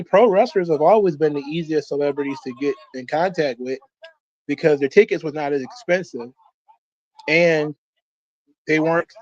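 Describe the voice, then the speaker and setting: A man's voice: a little high, darkish tone, muffled recording. A man hosting a wrestling watch-along, talking in a loose, rambling way with frequent swearing. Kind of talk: casual commentary.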